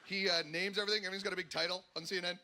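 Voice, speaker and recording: A man with a Canadian accent doing a stand-up routine on a comedy stage into a handheld mic, animated and sarcastic. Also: sits high, rapid-fire. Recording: loud background noise.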